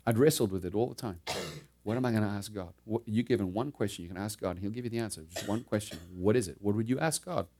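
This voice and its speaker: A middle-aged man preaching a sermon. He tells a personal story, moving from loud, emphatic preaching to low, hushed narration, and laughs between lines. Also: fast, few pauses, a little hiss or hum.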